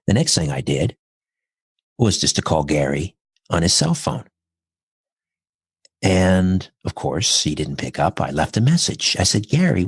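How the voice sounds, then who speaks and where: A man's voice: low-pitched, slightly rough, no echo, clean studio sound. A middle-aged man, a podcast guest, telling a personal story in an earnest, reflective way, step by step.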